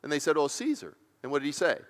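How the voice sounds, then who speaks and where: A pastor giving a sermon in a conversational, emphatic way, often checking in with the congregation. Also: male voice, on the high side, big pitch swings, fast, in a large hall. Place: church sanctuary.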